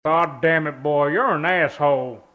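A synthetic male voice plays a grumpy, heavyset old-timer firefighter in a cartoon skit. He curses his way through everything. The voice sits high and sounds bright and tense. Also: unhurried. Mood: grumbling. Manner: cursing, cranky.

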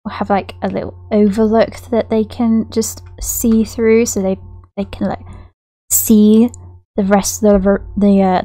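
A woman's voice: medium pitch, dark tone, no room sound. A woman chatting casually through gameplay as a gaming YouTuber, rambling and giggly.

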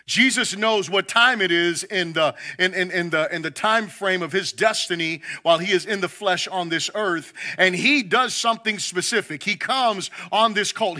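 A man preaching a sermon, emphatic, stumbling over repeated words as he builds each point. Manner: voices quoted figures louder and higher. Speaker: pastor.

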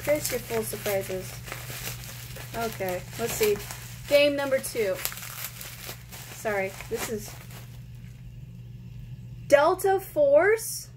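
A woman hosting a casual gaming unboxing vlog, chatty and excitable, often breaking into squeals and laughs. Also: on the high side, takes it slowly, long pauses, noisy background. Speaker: gaming channel host.

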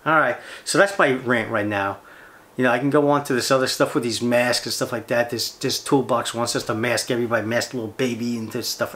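A man's voice: medium pitch, a bit bright. A man hosting a fishing channel, ranting on camera in a blunt, sarcastic, profane way. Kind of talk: ranting vlog monologue.

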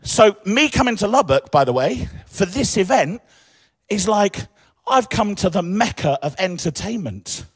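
English guy in his 40s hosting an event, jokey and animated, voice a touch on the high side. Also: unhurried, husky, dry recording. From England. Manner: animated, joking, chatty. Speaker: event emcee. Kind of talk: lively stage talk to an audience.

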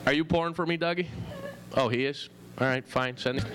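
A man's voice: medium pitch, brisk. A male stand-up comedian teasing the audience with crude banter on a club stage. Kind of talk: crowd work stand-up. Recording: loud laughing crowd and noisy club. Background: audience laughter.

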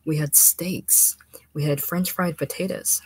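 Young fiancé, slangy and self-satisfied, husky and low; woman reader doing him. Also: steady tone, unhurried, no echo, heavily acted. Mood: easygoing. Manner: casual slangy talk. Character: young working-class man, beery, complacent fiancé.

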